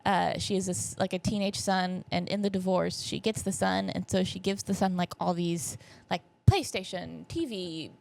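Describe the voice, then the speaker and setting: Woman, 20s, podcast host, stuffy nose, chatty and rambling, filler-heavy, gravelly fry. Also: on the low side, normal speed, few pauses, a little mellow. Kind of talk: casual solo podcast recap. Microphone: camera setup.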